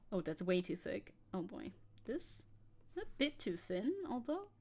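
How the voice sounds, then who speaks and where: A woman's voice: medium pitch, very animated, a little slow, a little mellow. A woman chatting casually and playfully while she paints on a live stream. She rambles and jokes at her own expense. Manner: playful, rambling, self-joking.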